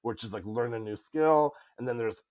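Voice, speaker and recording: A man co-hosting a relaxed podcast, talking loosely and chuckling his way through half-finished thoughts. His voice sits at an ordinary middle pitch for a man. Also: normal speed. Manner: rambling, laughs often, restarts sentences. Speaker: podcast co-host. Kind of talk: casual chat. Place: home in Spain.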